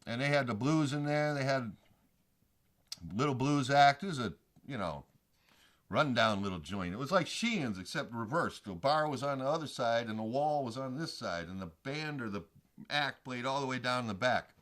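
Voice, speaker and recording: A man's voice: mid-range voice, lively intonation, normal speed, fairly bright tone. A male show host telling a rambling personal story in a casual, salty way and swearing freely.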